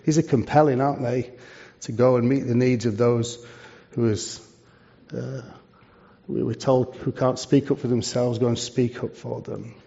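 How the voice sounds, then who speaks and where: A man's voice: mid-range voice, fairly even intonation, moderate pace, vocal fry. Man telling stories from the pulpit. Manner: warm storytelling, conversational, rhetorical questions. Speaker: charity leader speaking to a church. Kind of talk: preaching talk. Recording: dull lo-fi sound.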